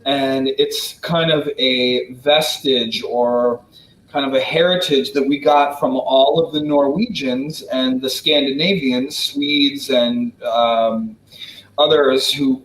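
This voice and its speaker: An American man from Wisconsin answering questions in a relaxed, casual way, with many fillers and restarts. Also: mid-range voice, slow pace, reverberant, poor audio. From Wisconsin, United States. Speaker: guest diplomat answering questions. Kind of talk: casual spoken Q&A.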